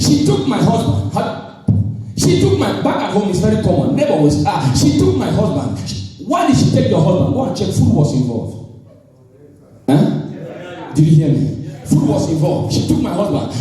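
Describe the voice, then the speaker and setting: A man's voice: sits high, heavy reverb, far from the mic, poor audio. A man from Africa, a pastor preaching a sermon and calling on his congregation to answer back. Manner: animated, calls on the congregation to respond.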